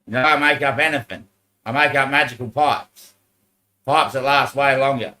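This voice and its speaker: Bright-voiced man rambling to viewers. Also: mid-range voice, fairly even intonation, normal speed, low-quality recording. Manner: disjointed, loosely connected talk. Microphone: handheld microphone.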